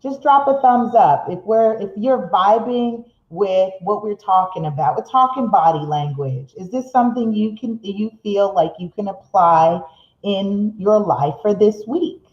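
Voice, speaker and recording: A middle-aged woman hosting a live motivational show, seated, speeding up when excited and slowing to make a point, reading viewer comments aloud. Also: medium pitch. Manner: reads viewer comments aloud, laughs often. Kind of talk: live-streamed motivational talk. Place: seated indoors in a room. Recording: roomy, slightly dull live-stream audio.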